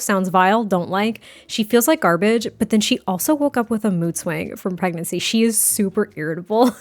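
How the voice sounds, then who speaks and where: Chatting her way through a game, a young woman who creates gaming content speaks in a mid-range voice, recorded without room sound. Her commentary is casual, punctuated by frequent giggles and restarted sentences.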